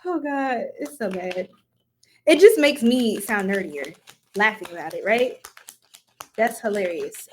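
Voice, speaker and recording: A woman's voice: on the high side, expressive, a little slow, long pauses, slight background noise. Giggly chatty woman tarot reader. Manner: chatty, giggly, goofing off with viewers; casual, talks to viewers as y'all. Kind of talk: live-stream tarot reading.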